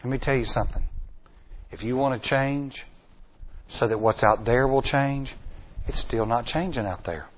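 A male pastor preaching a sermon in a folksy way, repeating lines for emphasis and swinging from hushed, slow passages to loud, high-pitched pleas. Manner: dramatic swings from hushed to near-shouting.

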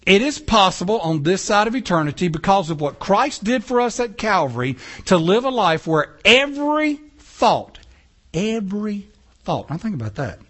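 A pastor with a rather high male voice preaches in a church sanctuary. He keeps the sermon lively by posing rhetorical questions and tossing casual remarks to the congregation.

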